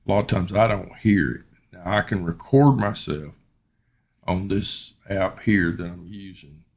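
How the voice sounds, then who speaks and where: A man giving a casual microphone review, rambling and unhurried with many ums and uhs. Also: deep voice, breathy edge. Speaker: YouTuber reviewing his microphone. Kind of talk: casual unboxing and product review.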